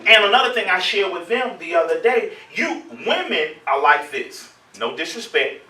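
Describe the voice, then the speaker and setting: A man's voice: sits high, sing-song, normal speed, pushed and bright, reverberant, distant mic, rough recording. A man hosting a show as a relationship coach, preaching playfully to his audience with call-and-response and laughter.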